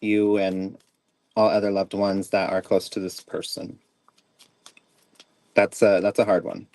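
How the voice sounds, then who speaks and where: A man hosting a casual live psychic stream, animated and laughing as he tells stories and reads tarot cards. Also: on the low side, unhurried, dry recording. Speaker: psychic reader host.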